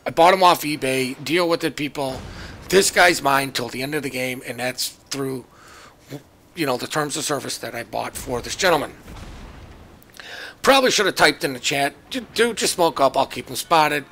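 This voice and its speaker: A man's voice: medium pitch, normal speed, vocal fry, long pauses, sharp tone, a little hiss or hum. A man giving casual, joking commentary over his own naval battle game footage, chatty and self-mocking. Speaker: gameplay commentator.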